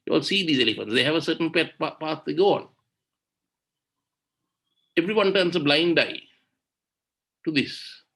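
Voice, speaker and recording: A man with a voice pitched a touch high addresses a webinar over a video call. He speaks with indignation and fires off rhetorical questions. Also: moderate pace, gravelly, long pauses, bright, forceful tone. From Sri Lanka. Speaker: webinar speaker on environmental law. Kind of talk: impassioned webinar talk.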